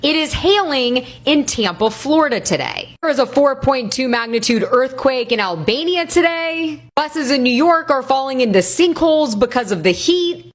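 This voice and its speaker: A woman doing a brisk social media news roundup, listing headlines one after another. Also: high voice. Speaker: news-style vlogger.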